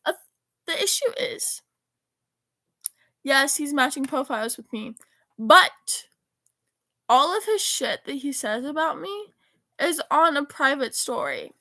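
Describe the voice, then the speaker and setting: A high-voiced teenage girl chats casually to her phone, reading out a string of text messages in a rambling, animated way and swearing freely. The recording is close and dry, with no room sound. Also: slow, pauses often, no echo. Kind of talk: casual chat reading out texts.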